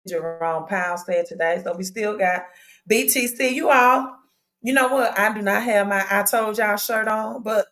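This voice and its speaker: A woman with a Southern US accent chats casually on her own livestream. Her voice sits at a middle pitch, and she talks in an upbeat, chatty way as she welcomes viewers over and over. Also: moderate pace, a bit bright. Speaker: crypto livestream host. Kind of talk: casual live-stream chat. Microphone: own microphone.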